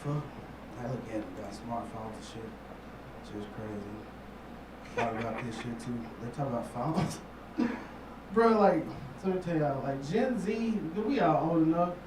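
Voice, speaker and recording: A Memphis, Tennessee comedian in his 30s delivers a stand-up set, spinning loose, profane stories packed with laughs and asides. His voice sits at medium pitch and moves at a measured pace. The audio has a roomy club feel, picked up from a distance with background noise.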